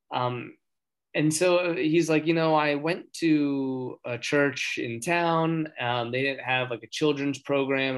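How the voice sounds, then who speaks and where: A man telling a story in casual chat, earnest and rambling, getting excited as he talks. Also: mid-range voice. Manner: earnest, excitable when talking faith; rambling with many fillers and restarts.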